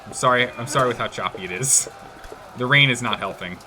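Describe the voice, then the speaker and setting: A man's voice: medium pitch, brisk, background noise. A man streaming gameplay live, commenting in a playful, jokey way.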